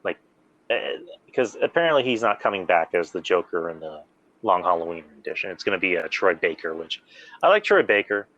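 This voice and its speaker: A man hosting a casual podcast, rambling excitedly through story recaps with lots of fillers. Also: low-pitched, fairly quick, lo-fi sound. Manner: rambling, animated fan recounting plots with many fillers. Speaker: podcast host. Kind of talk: casual chat.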